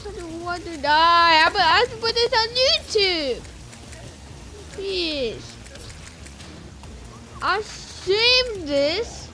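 A woman's voice: very high-pitched, expressive, very slow, long pauses, background noise. A woman streaming a game live, talking to herself and viewers with exclamations and pleading at the game. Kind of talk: live gameplay commentary.

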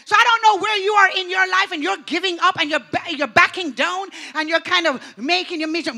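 Woman pastor, motivational sermon, very high voice, fervent, loud then hushed. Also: a little fast, few pauses.

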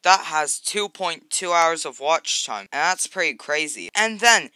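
Bright, excitable young gaming YouTuber. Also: measured pace, no room sound. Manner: chatty and excitable, jumping to loud high exclamations. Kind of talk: casual gaming commentary.

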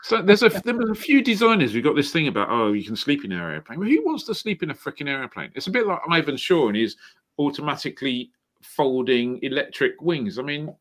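A man's voice: a little high, very animated, brisk, fairly bright tone. Guy on a call scoffing at stuff, voice swings all over, mild swearing. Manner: exasperated, mocking, mild swearing. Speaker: panel member. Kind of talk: casual chat.

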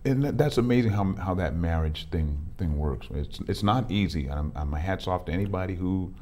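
A man, a pastor hosting a faith talk show, who starts haltingly and repeats words, then tells stories with lively energy. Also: low voice. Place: community TV studio.

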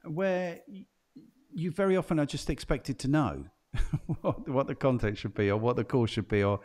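A man's voice: mid-range voice, moderate pace, a little mellow. Guy hosting a chat podcast, mid voice, rambly and musing, keeps asking you know what i mean. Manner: chatty, musing, asks guests questions, frequent "do you know what I mean". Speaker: podcast host and trainer. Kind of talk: casual podcast conversation.

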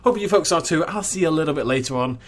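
A man's voice: a little high, lively intonation, quick pace. A young man giving casual commentary as he plays a zoo game, chatting and cooing at the animals. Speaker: gaming channel host.

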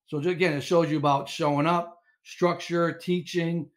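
A middle-aged man telling coaching stories as a podcast guest, animated and rambling with lots of restarts. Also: a little high, normal speed. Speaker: guest, inventor and former coach. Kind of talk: casual storytelling interview.

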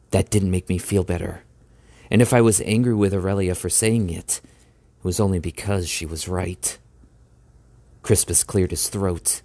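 Man, audiobook reader, low voice, dry close sound, steady measured narration. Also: no room sound. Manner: steady, measured first-person reading. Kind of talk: reading a novel aloud.

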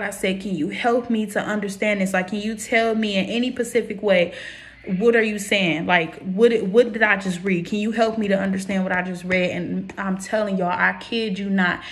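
A young woman vlogging casually about her faith, chatty and emotional, with bursts of laughter at her own jokes and slow, careful scripture reading. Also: mid-range voice. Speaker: YouTuber.

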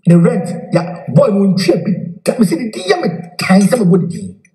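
A man's voice: high-pitched, normal speed. A man with a Ghanaian accent giving a heated address, repeating himself and mixing in English. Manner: animated, repeats phrases, mixes in English. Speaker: self-styled spiritual leader. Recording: echoey room.

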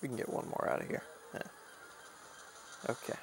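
A man casually commenting on his own gameplay as a Let's Play host, offhand and mildly grumbling. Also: normal speed.

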